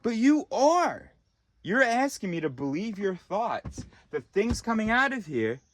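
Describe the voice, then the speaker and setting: A man's voice: sits high, sing-song, measured pace, a bit bright, slight background noise. A man ranting in a profane, exasperated monologue, recorded in a car. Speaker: vlogger.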